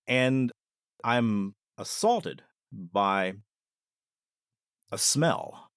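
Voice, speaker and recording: A man, a podcast guest and former ER nurse, telling a paranormal experience in an earnest, deliberate way that takes its time. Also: medium pitch, animated, a bit bright, clear, resonant tone, dry recording, studio quality.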